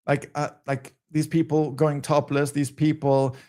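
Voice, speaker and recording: A man's voice: fairly high pitch, flat delivery, a little slow, mellow. A man hosting a casual commentary stream, ranting in a rambling, exasperated way with many fillers. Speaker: stream host.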